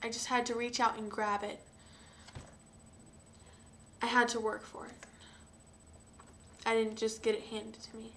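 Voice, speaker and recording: Slow, sighing young woman vlogging. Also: fairly high pitch, flat delivery, fairly bright tone, a little hiss or hum. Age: young adult. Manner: hesitant, sighing, emotional. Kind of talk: personal confessional vlog.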